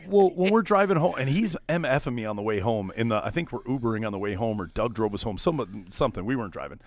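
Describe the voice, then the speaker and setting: Animated man telling a bar story. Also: mid-range voice, fast. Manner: animated, acts out quotes loudly. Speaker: podcast co-host. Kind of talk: casual storytelling chat.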